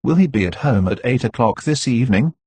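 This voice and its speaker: A man's voice: mid-range voice, lively intonation, a little fast, darkish tone, husky, no room sound. A man voicing a polite, hesitant male envoy of the police in an audiobook, speaking formally.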